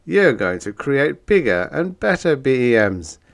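Brief: wisecracking bug-eyed male monster, voiced by a male reader for an audiobook, breezy, matter-of-fact, lively lilt. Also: mid-range voice, measured pace, vocal fry, pitched above the performer's own voice. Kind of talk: audiobook character voice.

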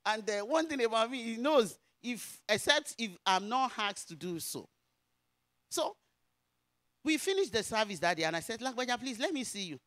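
A woman's voice: on the high side, very animated, normal speed, a bit bright, no echo, studio quality. A woman pastor with a Nigerian Yoruba accent, telling a personal testimony in a sermon and rising into emphatic preaching.

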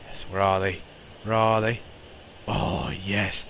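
A man's voice: deep voice, fairly even intonation, unhurried, gravelly, noisy background. A young man streaming a game live and talking through it, with cocky, boastful banter full of swearing. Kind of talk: live gameplay commentary.

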